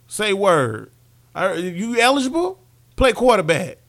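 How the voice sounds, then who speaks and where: Guy with a high gravelly voice ribbing his cohost on a football podcast, slangy and playful. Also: very animated, a little slow, a bit bright. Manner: teasing, playful, drawling slang. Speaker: podcast co-host. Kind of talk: casual sports podcast banter.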